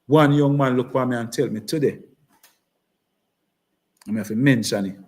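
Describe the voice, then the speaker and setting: A man's voice: mid-range voice, moderate pace. A man with a Jamaican accent giving an impassioned campaign speech, repeating himself and slipping into patois. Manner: impassioned, repetitive, switches into patois. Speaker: political speaker.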